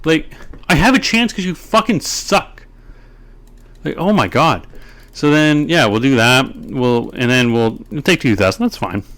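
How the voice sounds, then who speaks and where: A man talking over a card game replay, his voice at an ordinary middle pitch. He rants with exasperation and swears freely, in the loose manner of a video creator. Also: lively intonation, unhurried, a bit bright. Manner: profane, exasperated ranting. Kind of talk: replay commentary and rant.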